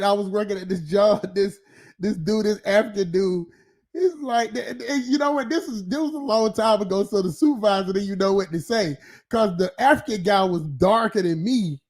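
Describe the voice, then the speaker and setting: Stream host, male, high-pitched, loose profane ranting monologue, laughs a lot, heavy filler. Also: darkish tone.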